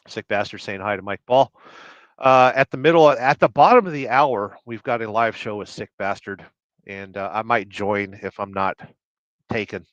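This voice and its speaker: A man's voice: medium pitch, a bit bright, dry recording. A man hosting a casual livestream, rambling and joking while he reads out viewer comments. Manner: rambling, joking, reads chat names aloud. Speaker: livestream host. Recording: dull, dry sound.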